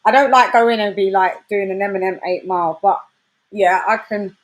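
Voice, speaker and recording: A woman's voice: mid-range voice, moderate pace. Slangy British woman chatting to viewers. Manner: animated, slangy, trash-talking banter. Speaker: host; grime and dancehall artist. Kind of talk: casual livestream chat.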